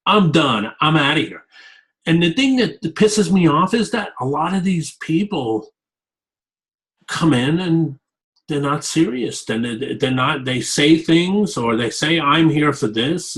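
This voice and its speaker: A man's voice: on the high side, lively intonation, a little slow, low-quality recording. A man being interviewed about his work as a fitness coach, talking candidly and rambling, often repeating himself. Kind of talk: casual interview talk.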